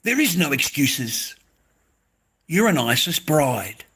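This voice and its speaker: A man with an Australian accent and a voice pitched a little above the usual male range rants straight at the camera. His delivery is heated and confrontational, laced with profanity, and he keeps circling back over the same phrases. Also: sing-song, takes it slowly, fairly bright tone. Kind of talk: angry ranting monologue to camera.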